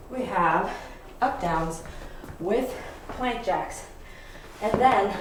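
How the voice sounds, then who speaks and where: Recorded from a distance, a woman with a mid-range voice leads a home workout as fitness instructor, panting as she exercises alongside her cues. The sound is roomy, off-mic, and noisy.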